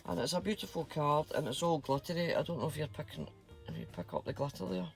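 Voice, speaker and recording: A man's voice: fairly high pitch, fast, vocal fry, faint music behind. A Scottish man chatting casually to camera as a vlogger, dropping Scots slang words as he talks.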